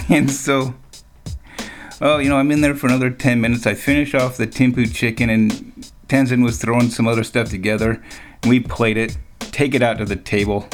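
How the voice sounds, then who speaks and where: A man telling a personal story in a relaxed way, chuckling often between lines. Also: medium pitch, moderate pace, soft background music. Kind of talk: storytelling anecdote.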